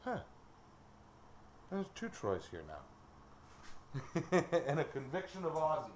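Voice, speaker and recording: Slow, unhurried male streamer, slightly high voice, jokey, faint workshop noise. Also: very animated. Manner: laughs often, jokes with chat. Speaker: livestream host. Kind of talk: casual live-stream chat. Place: forge workshop.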